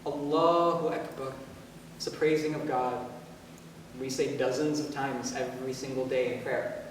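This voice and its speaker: A man's voice: mid-range voice, steady tone, normal speed, a little hiss or hum. A man in his twenties performing a one-man stage monologue, telling a story in a conversational way with filler words, heard from a distant mic in a large theater hall. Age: 20s. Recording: echoey hall from far off.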